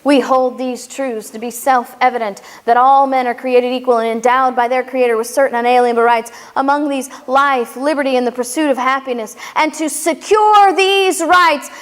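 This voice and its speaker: A woman's voice: high voice, flat delivery, fairly quick, few pauses. A woman giving an emphatic history lecture at a venue, telling the events as a story to her audience. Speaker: speaker and educator. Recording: echoey hall reverb.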